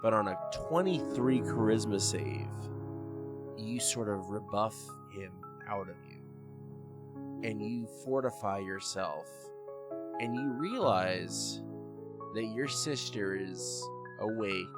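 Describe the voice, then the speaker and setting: A man narrating a tabletop role-playing game as game master in slow, measured storytelling. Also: on the low side. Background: background music.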